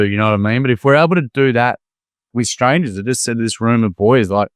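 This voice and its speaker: An Australian man in casual conversation, telling lively stories and acting out the people he quotes. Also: medium pitch, quick pace, no room sound, clean studio sound. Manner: animated storyteller, acts out quoted voices. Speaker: podcast guest, former teacher.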